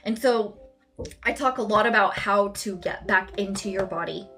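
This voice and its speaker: A woman's voice: medium pitch, normal speed, pushed and bright, faint music behind. A woman coaching viewers on a live stream, talking casually and bluntly, swearing freely and speaking straight to her audience. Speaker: somatic coach hosting a live session.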